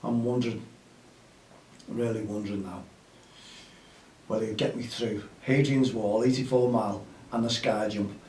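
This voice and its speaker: A man's voice: on the low side, fairly even intonation, normal speed, long pauses, a little mellow, a little hiss or hum. Chatty man, distant and roomy. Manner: chatty and upbeat, rallying listeners. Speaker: host of a grassroots football show. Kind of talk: casual outdoor podcast chat.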